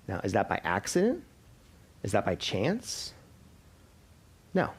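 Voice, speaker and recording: A man in his thirties preaching a sermon as a pastor, explaining scripture and posing rhetorical questions to his congregation. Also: mid-range voice.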